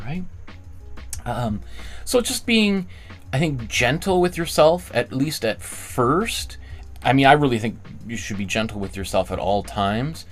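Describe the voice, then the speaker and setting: A man teaching a relaxed live drawing class, chatting as he goes and often circling back to restart a thought. His mid-pitched voice swoops up and down with lively energy and jumps high whenever he acts out someone else's words. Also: unhurried, faint music behind. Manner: casual, rambling, encouraging, restarts phrases often. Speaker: art teacher.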